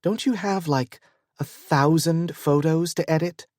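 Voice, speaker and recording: A stern, impatient pregnant wife, as a male narrator puts her on, her voice lifted a little higher. She speaks slowly, in a dry, close audiobook recording. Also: a little mellow, dry recording, natural voice. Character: exasperated woman, pregnant estranged wife.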